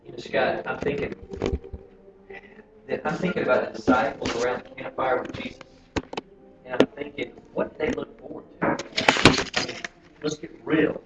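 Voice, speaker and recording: A man's voice: mid-range voice, steady tone, moderate pace, pauses often, very noisy. Reflective man heard from across an echoey room. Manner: reflective, thinks out loud. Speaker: men's group member. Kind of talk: casual testimony. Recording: far-off echoey lo-fi room recording.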